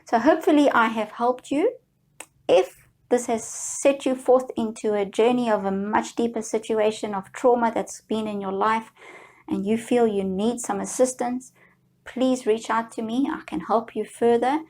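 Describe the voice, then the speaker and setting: A middle-aged woman coaching listeners through a guided self-help exercise, speaking slowly in a soothing, gently encouraging way. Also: a little high. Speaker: healing coach.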